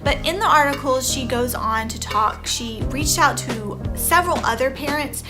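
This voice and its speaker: Rambly woman in her 30s vlogging her reaction, kinda high voice, music going in the back. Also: normal speed. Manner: chatty and rambling, many "you know" fillers. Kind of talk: casual reaction commentary. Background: background music.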